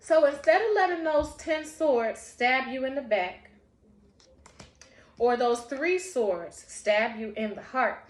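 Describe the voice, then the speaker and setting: A tarot reader with a high-sitting voice talks slowly, her reading casual, spiritual, heartfelt and encouraging, punctuated often by laughter. The sound is roomy with a little hiss or hum.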